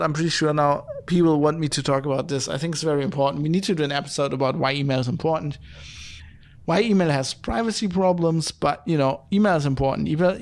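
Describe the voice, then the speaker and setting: A man hosting a podcast, ranting in exasperated, profane bursts full of restarts and fillers. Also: fairly high pitch. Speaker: podcast host.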